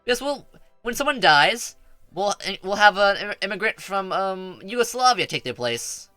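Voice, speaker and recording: Bright, lively male game streamer. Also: high voice, normal speed, clean tone, no echo, faint music behind. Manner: playful, rambling, stammers through restarts. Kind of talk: live strategy game commentary.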